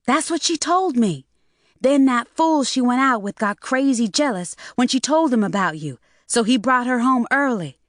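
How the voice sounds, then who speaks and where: A woman voicing a sly, sweet-talking young daughter in an audiobook, pitched high and eager. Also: expressive, normal speed, no room sound, studio quality, lightly acted. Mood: reassuring. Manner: raised high and bright, eager.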